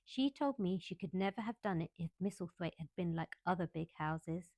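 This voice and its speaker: A woman's voice: fairly low pitch, expressive, normal speed, mellow, no room sound. A sturdy, cheerful young housemaid with a broad Yorkshire accent, as a woman reader puts her on. She talks bluntly and a lot, in a storybook reading. The sound is dry and close. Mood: chatty.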